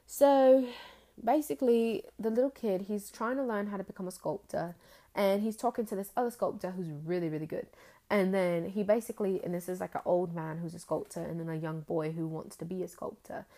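A woman's voice: mid-range voice, a little fast, mellow. A young woman talking earnestly in a casual faith vlog, rambling and full of fillers.

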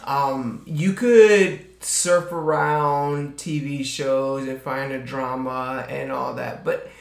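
A podcast co-host who talks in a relaxed, thoughtful way and swears casually. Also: medium pitch, takes it slowly, gravelly. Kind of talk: casual chat. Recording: roomy echo.

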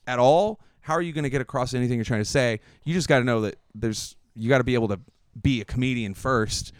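Mid-pitched male comic, clear voice, long thoughtful podcast musings, dry sound. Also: fast talker, no room sound. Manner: thoughtful, long winding sentences with fillers. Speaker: comedian. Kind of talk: casual podcast chat.

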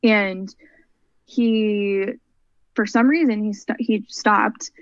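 A young adult woman, a mental health advocate appearing as a podcast interview guest, recounts a personal story in an earnest, rambling way. Her medium-pitched voice has fairly even intonation, and she takes it slowly. The recording sounds dull, lo-fi, and dry.

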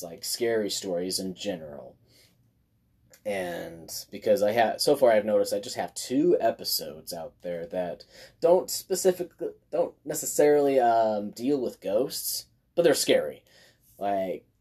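A man's voice: lowish voice, darkish tone. A young man hosting his own podcast, giving a casual, rambling update full of fillers and self-corrections. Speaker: podcast host.

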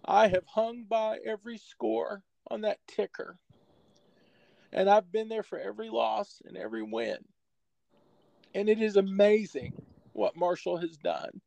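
A man's voice: sits high, unhurried, creaky, darkish tone, no echo, voice pushed up, heavily acted. A man putting on the voice of a tearful elderly man whose voice quivers.

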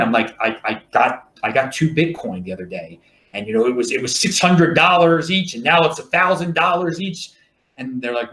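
A man with a Baltimore accent talks in a loose, rambling monologue, restarting his words as he goes. His voice sits a little high and swings widely in pitch. The room around him is echoey. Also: fairly bright tone. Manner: chatty, repeats and restarts words. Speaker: livestream host.

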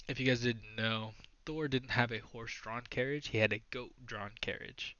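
Bright-voiced man telling a story, lo-fi. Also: medium pitch, steady tone, moderate pace. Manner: loose, profane, self-correcting storyteller. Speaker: podcast co-host retelling a myth. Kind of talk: casual storytelling chat. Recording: dull lo-fi, dry sound.

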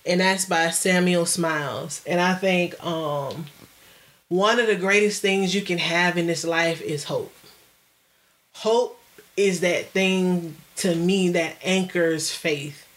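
A woman co-hosting a casual podcast, chatting in a playful, animated way and laughing often. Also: fairly low pitch, slow. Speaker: podcast co-host. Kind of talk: casual chat.

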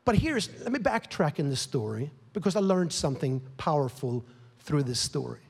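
A man's voice: on the high side, big pitch swings, moderate pace, vocal fry, breathy edge. A man preaching a sermon as a pastor, telling a story with rising emotion and growing heat. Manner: emotional, grows louder and more heated, whispers at times. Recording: long hall reverb.

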